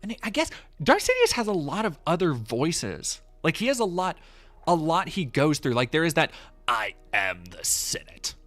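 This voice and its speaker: Animated sarcastic male streamer. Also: fairly high pitch, normal speed, soft background music. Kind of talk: live-stream commentary.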